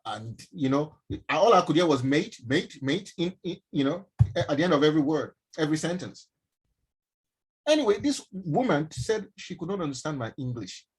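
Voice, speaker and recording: A middle-aged Nigerian man with a Nigerian accent, a doctor telling a personal story to an online audience in an emphatic, animated way. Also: fairly high pitch, moderate pace, husky, poor audio. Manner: emphatic, animated, addresses listeners directly. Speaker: doctor and mentorship speaker. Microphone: online stream from home.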